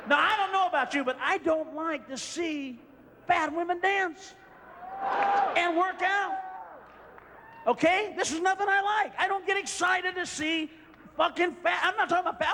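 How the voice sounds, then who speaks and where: A male stand-up comedian ranting profanely and shouting through a live routine. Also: very high voice, creaky, in a large hall, slight background noise.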